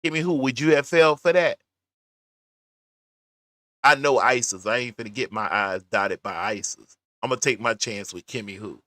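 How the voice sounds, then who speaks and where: A man hosting a reaction commentary, animated, often pausing the clip to talk. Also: mid-range voice, dry recording. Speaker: commentary channel host. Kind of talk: reaction commentary on a played call.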